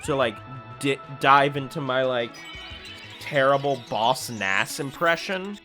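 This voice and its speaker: A man casually commentating his own gameplay, chatty and self-deprecating, thinking out loud as he plays. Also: mid-range voice, slow pace, soft background music. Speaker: gaming video host. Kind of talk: casual let's-play commentary.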